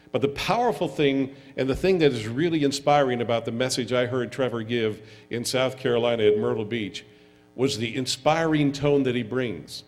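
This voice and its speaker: A man introducing a guest speaker in a church, earnest and halting, with frequent fillers. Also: mid-range voice. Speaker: event host introducing the speaker. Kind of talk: public introduction speech. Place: church hall. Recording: reverberant hall with faint music.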